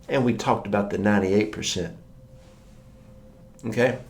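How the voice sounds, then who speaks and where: A man's voice: medium pitch, normal speed, gravelly, long pauses. A man preaching a morning sermon in a conversational storytelling way, acting out the voices of the people he quotes.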